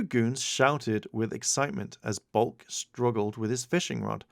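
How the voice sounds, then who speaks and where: A man's voice: mid-range voice, unhurried, creaky, hardly any pauses, no echo. A man narrating a children's storybook as an audiobook, reading expressively into a close mic. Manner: expressive read-aloud narration.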